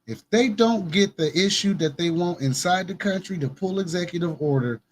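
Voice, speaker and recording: A man's voice: sits high, moderate pace, a little hiss or hum. A man hosting a casual conspiracy news commentary show, talking emphatically and repeating his points to drive them home.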